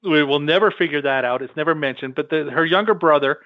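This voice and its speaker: A man's voice: on the high side, quick pace, no room sound. A man co-hosting a podcast, rambling as he retells film scenes in casual chat. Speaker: podcast co-host. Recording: dull, dry lo-fi podcast mic.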